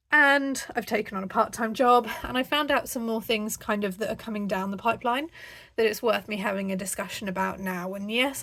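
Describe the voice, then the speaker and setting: Speaking to camera indoors at home, a budgeting vlogger rambles chattily and says um a lot. Her voice is on the high side, a bit bright, with vocal fry, and she sounds slightly breathless.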